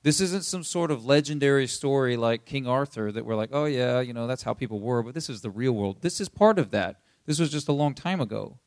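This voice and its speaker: A man's voice: medium pitch, expressive, a little fast, few pauses, darkish tone, no room sound, studio quality. A man preaching a sermon in a loose, conversational way, often checking in with the listeners. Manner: conversational, keeps asking "you see what I'm saying?". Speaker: pastor.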